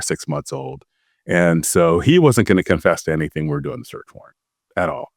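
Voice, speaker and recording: A middle-aged man spins workplace stories in a relaxed, self-assured way. His voice sits very low, and the close, dry recording leaves no room sound around it. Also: no room sound. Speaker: guest, former FBI agent. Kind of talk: casual storytelling.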